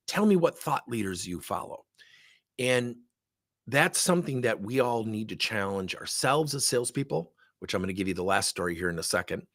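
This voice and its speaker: A middle-aged sales trainer with a husky voice, talking in a lively, sing-song way that swings high and low. he tells workshop stories bluntly and with emphasis, and he pushes his listeners hard. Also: no echo, clean studio sound. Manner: animated, blunt, emphatic storyteller. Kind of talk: storytelling workshop webinar.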